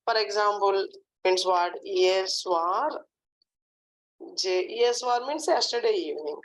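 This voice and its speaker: A woman teaching French in a lesson, drilling phrases slowly and often checking in with "hmm, d'accord". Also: mid-range voice, a little hiss or hum, low-quality recording. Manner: slow, repetitive drilling with frequent "hmm, d'accord". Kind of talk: online language lesson.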